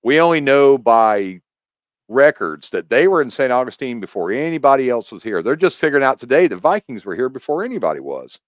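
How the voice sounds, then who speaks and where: A man from the United States, a podcast guest talking in a casual chat, explaining in a rambling, animated way with many restarts. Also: medium pitch, a little fast, no room sound.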